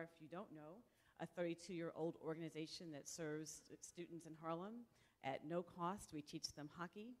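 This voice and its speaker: Low-voiced woman testifying at a hearing. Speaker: executive director of a youth nonprofit. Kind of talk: prepared public testimony.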